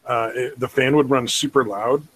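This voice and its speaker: A man's voice: mid-range voice, steady tone, normal speed, a bit bright, poor audio. A man co-hosting a casual podcast chat, telling stories in a laid-back, rambling way.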